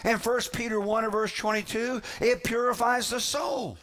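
A man delivering a sermon as a pastor, preaching emphatically with dramatic pauses and repetition. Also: extremely high pitch, flat delivery, fairly bright tone.

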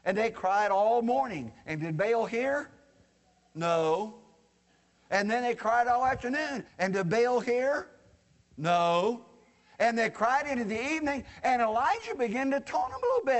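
Folksy, joking preacher man with a high voice, sermon recorded in a reverberant church hall. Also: sing-song, measured pace. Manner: folksy and joking, addressing the congregation directly.

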